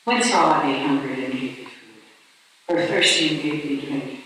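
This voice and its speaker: A woman voicing an aged, dying wise man who speaks softly and falteringly in old-fashioned phrasing, in an echoey hall, recorded from a distance. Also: extremely low pitch, measured pace, a little hiss or hum, pitched below the performer's own voice. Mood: weary. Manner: soft, faltering, archaic phrasing.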